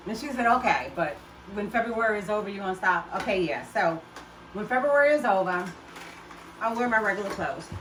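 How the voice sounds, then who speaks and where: An older woman chatting casually to camera in her home kitchen, talking warmly and laughing often as she makes juice. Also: medium pitch, sing-song, brisk. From United States. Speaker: home juicing vlogger. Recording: roomy kitchen, mic at a distance, loud appliance noise.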